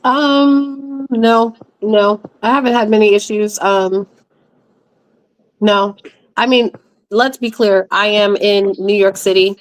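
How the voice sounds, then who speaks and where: A woman speaking bluntly and candidly as a guest in a casual online panel discussion, with quick asides and restarts. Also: mid-range voice, steady tone.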